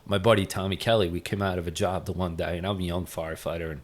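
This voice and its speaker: A middle-aged man with a fairly low voice, a retired firefighter telling stories as a podcast guest. He talks loosely and rambles, with plenty of fillers. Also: level tone, quick pace. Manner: rambling, full of "you know" fillers. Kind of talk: casual storytelling interview.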